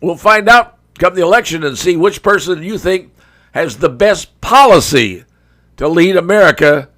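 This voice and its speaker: A man's voice: high voice, expressive, moderate pace, a bit bright. A male talk show host giving a folksy, conversational opinion monologue, speaking straight to his viewers.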